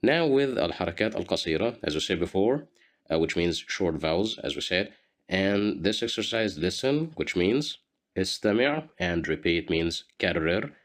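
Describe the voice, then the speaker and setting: A man's voice: low voice, animated, moderate pace. A man teaching a beginner language lesson, patiently repeating each word for learners to copy.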